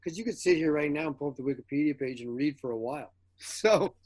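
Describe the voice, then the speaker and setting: A man as a guest actor in an interview, telling casual stories with animated energy, acting out the quoted dialogue and laughing often. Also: on the high side, quick pace.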